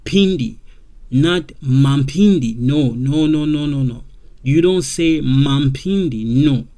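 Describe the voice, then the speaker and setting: A man whose first language is French, teaching a language lesson and repeating each point slowly with many okays. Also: fairly high pitch, dark tone. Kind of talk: slow explanatory lesson.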